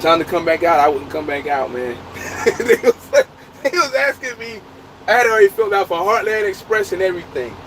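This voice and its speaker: A truck driver telling a story in casual, profane, laughing talk. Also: male voice, sits high, sing-song, fairly quick, fairly bright tone, a little hiss or hum, poor audio. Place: inside a truck.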